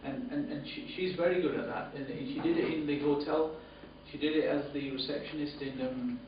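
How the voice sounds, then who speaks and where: A man's voice: fairly even intonation, fairly quick. Rambling man, distant and echoey. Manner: rambling, repeats words, many ums. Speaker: director presenting awards. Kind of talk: off-the-cuff award presentation. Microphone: camera mic from a distance. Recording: distant, boomy, dull camera audio with room noise.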